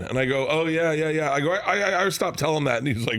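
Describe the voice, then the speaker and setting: A man in his fifties, a comedian guest in a studio, telling animated stories, laughing often and acting out other people's lines. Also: mid-range voice, moderate pace. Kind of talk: animated storytelling with quoted voices. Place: radio show studio.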